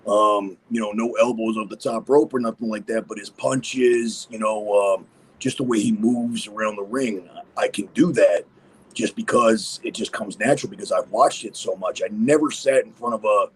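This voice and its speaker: A man's voice: fairly low pitch, fairly even intonation, moderate pace, slightly rough, rough recording. A man speaking as a podcast guest, rambling casually with many fillers. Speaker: guest impersonator. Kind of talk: casual interview chat.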